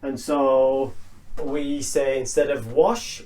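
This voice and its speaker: A man teaching an English pronunciation lesson, speaking slowly and patiently and repeating each word so learners can copy it. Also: medium pitch, warm tone. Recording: roomy sound from a distance.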